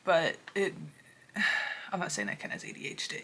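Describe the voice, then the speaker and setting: A young woman hosting a music reaction video, excitable and then softly confessional, talking at home. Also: on the low side, moderate pace, a little hiss or hum. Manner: excitable, swings to soft confessional talk. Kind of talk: casual reaction commentary.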